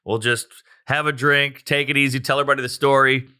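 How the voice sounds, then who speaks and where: A man telling a rowdy story in casual chat, animated and profane, acting out quotes with sound effects. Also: medium pitch, quick pace, clear, resonant tone. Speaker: comedian guest telling a story.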